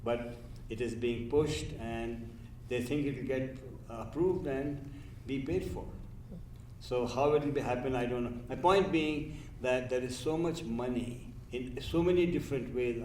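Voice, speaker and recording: Male physician panelist, measured and mellow, recorded on a distant mic in a roomy space. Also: medium pitch, a little hiss or hum. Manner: measured, corrects himself mid-sentence. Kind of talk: panel discussion remarks. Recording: distant mic in echoey room.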